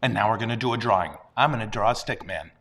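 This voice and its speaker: A man's voice: on the low side, fast, a bit bright. A man who is a priest, chatting casually on a livestream. He jokes at his own expense and chuckles often. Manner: playful, self-deprecating, chuckles often.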